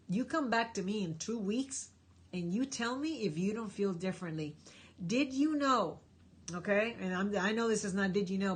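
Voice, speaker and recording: A woman hosting a live stream Q&A, answering viewers' questions with emphatic, encouraging life advice. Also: medium pitch. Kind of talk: live stream Q&A, reading chat.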